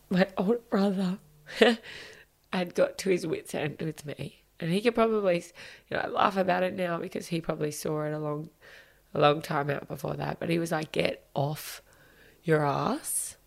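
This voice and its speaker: With a low, gravelly voice, this thirtysomething woman opens up as a podcast guest in candid interview talk. She's emotional and confessional, cursing at times and sinking into a whisper.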